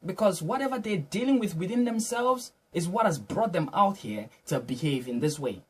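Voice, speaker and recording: Husky-voiced man telling a story. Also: high voice, animated, moderate pace, a bit bright. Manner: earnest, motivational, repeats and restarts phrases. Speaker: vlogger. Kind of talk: reflective personal storytelling.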